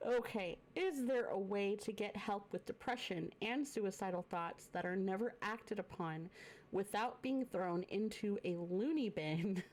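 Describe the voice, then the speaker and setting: A woman's voice: medium pitch, expressive, darkish tone, rough recording. A woman streamer hosting, reading anonymous viewer questions aloud to her guest. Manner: slow, reads questions aloud. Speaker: streamer host.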